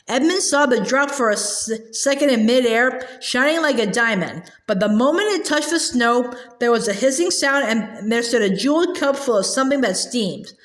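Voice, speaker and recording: A woman narrating a storybook aloud in a calm, measured way. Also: fairly high pitch. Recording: echoey room.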